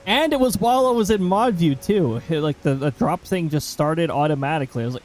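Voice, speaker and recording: A man's voice: a little high, lively intonation, fairly quick, darkish tone, rough recording. A man streaming a game live, chatting casually and self-mockingly and reading chat messages aloud.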